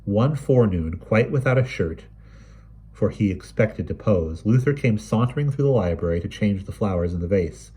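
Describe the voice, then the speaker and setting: A man reading a short story aloud in a measured, expressive way. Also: on the low side, breathy edge. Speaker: reader.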